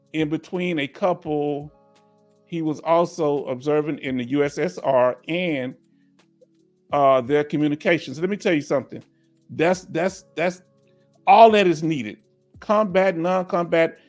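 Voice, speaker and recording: A man from Houston, Texas with a Southern accent, hosting a casual live question-and-answer stream for veterans and reading viewer comments aloud. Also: on the high side. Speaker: livestream host for veterans.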